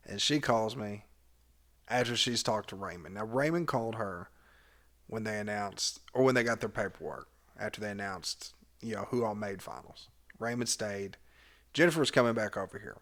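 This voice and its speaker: Lower voiced guy telling old coaching stories, candid, cusses a bit. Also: moderate pace. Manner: candid, swears freely, animated retelling. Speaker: cheer coach. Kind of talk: casual memoir storytelling.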